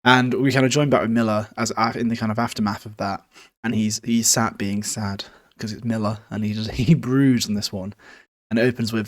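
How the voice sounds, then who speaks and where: A man's voice: lowish voice, steady tone, a little fast, dry recording, clean studio sound. A man hosting a podcast, recapping a book in a casual, rambling way with swearing, fillers and self-corrections. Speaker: podcast host.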